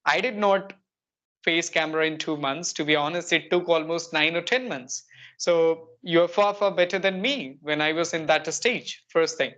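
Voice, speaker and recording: A woman's voice: low voice, normal speed, a bit bright. Indian woman coaching spoken English. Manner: patient, explanatory, uses everyday examples. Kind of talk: conversational English practice chat.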